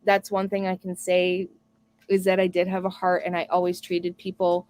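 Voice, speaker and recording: A woman's voice: fairly low pitch, monotone, moderate pace, darkish tone. A woman hosting a casual live stream, talking earnestly and reading viewer comments aloud. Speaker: homestead live stream host.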